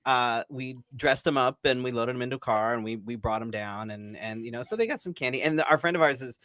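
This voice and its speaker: A man co-hosting a casual live-stream show, telling stories in an easygoing way with plenty of ums and the odd swear word. His voice sits at an ordinary middle pitch. The recording is close and dry. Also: a little fast, fairly bright tone, dry recording. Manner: laid-back storytelling with frequent fillers and mild swearing. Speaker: co-host.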